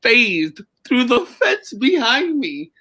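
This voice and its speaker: Bright-voiced man telling a rowdy story. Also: extremely high pitch, slow pace. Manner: animated, swearing, laughing storyteller. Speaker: podcast co-host. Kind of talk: casual storytelling banter.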